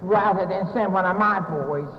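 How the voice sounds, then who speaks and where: A woman's voice: on the low side, normal speed, slight background noise. Older Southern woman telling wry stories. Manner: wry, self-mocking storytelling. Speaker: speaker sharing her recovery story. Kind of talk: storytelling talk to an audience. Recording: dull echoey hall recording.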